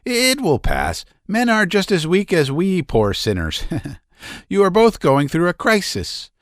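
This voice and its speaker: A man's voice: high-pitched, wildly swooping pitch, measured pace, no room sound, studio quality, voice pushed up, heavily acted. A male narrator voicing a gossipy older lady soothing a young woman in a storybook reading.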